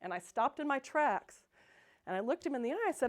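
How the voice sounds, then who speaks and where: Bubbly woman, slightly high voice. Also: fairly quick. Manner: bubbly, laughs often, acts out her own excited quotes. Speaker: guest speaker at a spiritual center. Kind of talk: Sunday talk, personal storytelling. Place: spiritual center sanctuary.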